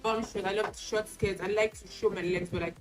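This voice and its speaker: A woman chats candidly to camera in a relaxed get-ready-with-me vlog, her voice at an ordinary middle pitch. She tells personal stories and slips into acted-out exchanges. Clear music plays behind her. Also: a little fast, low-quality recording. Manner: chatty, candid storytelling; acts out quoted exchanges. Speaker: beauty vlogger. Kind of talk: casual get-ready-with-me chat. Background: music playing.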